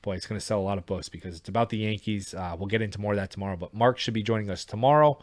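A man hosting a sports podcast, upbeat and friendly as he asks quick questions and signs off. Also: on the low side, no echo. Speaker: podcast host. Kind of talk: podcast interview, casual chat.

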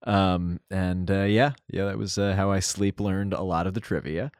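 A young man with a very deep voice chats as a podcast guest. He tells anecdotes with deadpan humor and pauses often on ums. The recording is close and dead, with no room around him. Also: smooth, no room sound. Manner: dry humor, hesitant with many ums. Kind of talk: casual group chat.

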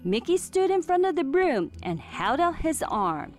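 A woman reading a children's storybook aloud in an expressive, clearly enunciated way. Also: high voice, a little slow, soft background music. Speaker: storybook reader.

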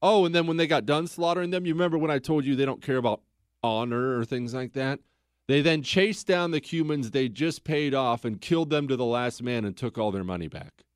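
A man hosting a history podcast in a casual, conversational storytelling style. He keeps pulling the listener in with rhetorical questions. His voice sits at an ordinary pitch and sounds dry and close. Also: brisk, clear, resonant tone, no echo. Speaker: podcast host.

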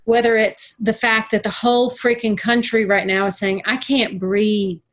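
A middle-aged woman in casual conversation, speaking earnestly and slowing down on words she wants to stress. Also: on the high side, fairly even intonation. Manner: earnest, emphatic, slows down for emphasis. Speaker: guest.

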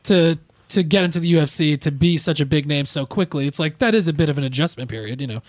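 A man hosting a podcast, speaking in a relaxed, conversational way. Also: on the high side, quick pace, dry recording. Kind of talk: casual chat.

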